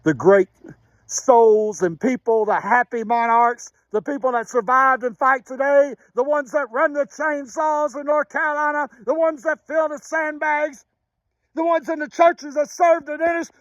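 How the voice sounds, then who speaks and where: A man giving an emotional spoken testimony and prayer as a motivational speaker, impassioned and preacherly, dropping to a hushed voice at times. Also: very high voice, steady tone, no echo, highs cut off. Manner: impassioned, preacherly, with pauses and sudden drops to a hushed voice.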